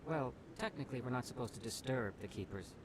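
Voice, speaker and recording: A man's voice: mid-range voice, expressive, fast talker, crowd noise, close to an everyday voice. A man voicing a nervous, secretive researcher in video game dialogue, hesitant and evasive.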